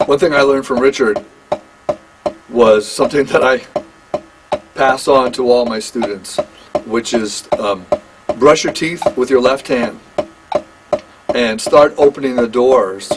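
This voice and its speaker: An older man giving a one-on-one drum lesson, talking in a halting, conversational way and counting beats aloud. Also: medium pitch, noisy background. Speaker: drum teacher.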